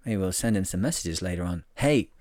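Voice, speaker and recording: A man's voice: deep voice, quick pace, dark tone, dry recording, studio quality. Rambling, jokey man talking solo. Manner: rambling and jokey, with many fillers and self-mocking asides. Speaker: podcast host. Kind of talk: casual solo podcast monologue.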